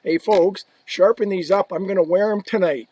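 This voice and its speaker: Man doing a pushy star hockey player, offhand and breezy, husky tone. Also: on the high side, expressive, fast, a little mellow, no room sound, pitched above the performer's own voice, heavily acted.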